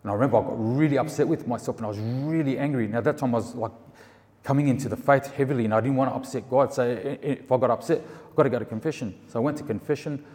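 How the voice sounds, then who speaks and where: A man telling his faith story in casual, animated speech, acting out the people he quotes. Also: medium pitch, racing, in a large hall. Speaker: storyteller sharing a faith testimony. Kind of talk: casual spoken testimony.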